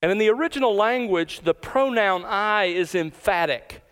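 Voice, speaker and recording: Man preaching, high voice, smooth and resonant, emphatic, slows on key words. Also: animated, fairly bright tone. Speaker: pastor. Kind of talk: sermon.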